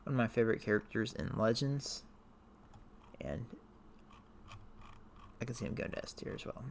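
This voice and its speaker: Gravelly-voiced man rambling through a ranking. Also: medium pitch, lively intonation, moderate pace, a little hiss or hum. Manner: rambling, hesitant, many fillers. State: tired, voice wearing out. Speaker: youtuber ranking characters. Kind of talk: casual talk to camera.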